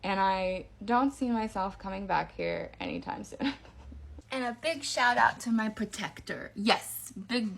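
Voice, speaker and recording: A woman's voice: mid-range voice, lively intonation, measured pace, gravelly. Chatty woman telling a spooky story. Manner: chatty, with fillers and hushed drops for suspense. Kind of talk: casual first-person story telling. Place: parents' backyard by a campfire.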